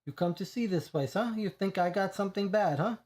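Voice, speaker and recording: A man's voice: brisk, darkish tone, close to an everyday voice. A man voicing a nervous, defensive Italian immigrant model-maker who speaks broken English with an Italian accent. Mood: wary. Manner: broken English, pleading then shrill.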